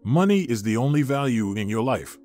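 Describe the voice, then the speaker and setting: A man's voice: medium pitch, very animated, normal speed, a little mellow, soft background music, close to an everyday voice. A man voicing a young orphaned woman who is hurt but firm, read in an earnest, plain storybook manner.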